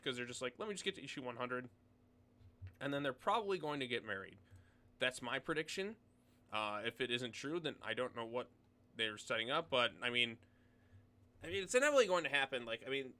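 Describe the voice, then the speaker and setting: A man's voice: mid-range voice, pushed and bright. A young man hosting his own video, casually reading comic solicitations aloud and rambling through blunt opinions with plenty of fillers.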